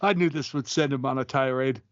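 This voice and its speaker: A man's voice: mid-range voice, a little fast, no echo. Teasing man co-hosting a podcast. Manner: teasing, egging on. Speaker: podcast co-host. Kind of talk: casual chat. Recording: slightly muffled, dry.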